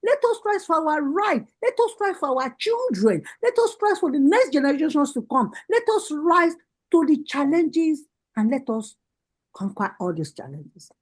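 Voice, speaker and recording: A woman's voice: high-pitched, very animated, normal speed, low-quality recording. A Nigerian woman giving a rallying political speech over a video call, with repeated, impassioned calls to action. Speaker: party women's leader giving a speech.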